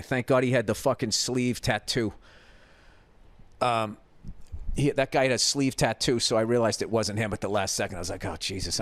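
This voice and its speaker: A man's voice: mid-range voice, dry recording. A middle-aged man with a Boston accent tells a story in a casual, profane rant, quoting other people as he goes. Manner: profane, ranting, animated retelling with acted quotes. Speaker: podcast host.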